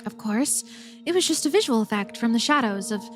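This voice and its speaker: A woman's voice: fairly high pitch, animated, a little fast, faint music behind. A woman streamer reading a game's story aloud, playful and giggly, swearing when startled.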